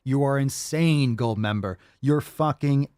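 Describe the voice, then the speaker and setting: A man's voice: medium pitch, unhurried, a little mellow, clear, resonant tone, no echo, studio quality. A man hosting a podcast, ranting and mocking a clip in a brash, profane way. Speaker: podcast host. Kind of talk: ranting reaction commentary.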